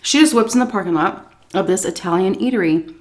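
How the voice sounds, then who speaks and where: A woman vlogger telling a story on an eating vlog, animated and profane, often clearing her throat. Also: mid-range voice, brisk.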